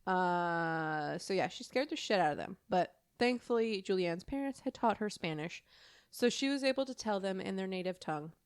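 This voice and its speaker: A woman's voice: medium pitch, animated, moderate pace, clean tone, no echo, clean studio sound. A woman co-hosting a podcast, telling a true story in a casual, rambling way, full of fillers and laughter.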